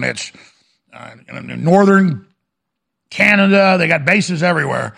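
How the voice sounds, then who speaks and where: This gravelly-voiced man hosts a radio talk show, his tone fairly bright and his pitch on the high side. Expressive yet measured in pace, he launches into an impassioned monologue that is urgent and full of repetition.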